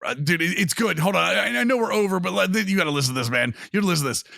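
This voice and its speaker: A man co-hosting a sports podcast in casual chat, animated and laughing often as he mockingly reads out quotes. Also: sits high, racing, gravelly, no echo, clean studio sound.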